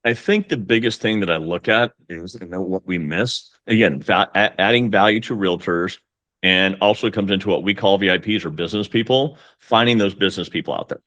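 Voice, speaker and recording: A man's voice: low-pitched, brisk, a bit bright, no echo. A man talking as a guest mortgage coach, with an emphatic, pep-talk delivery. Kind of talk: casual podcast conversation.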